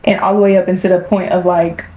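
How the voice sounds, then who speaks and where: A woman's voice: lowish voice, fast. Young woman telling a casual story. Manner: relaxed storytelling, many "like"s, laughs often. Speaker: podcast co-host. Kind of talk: casual chat.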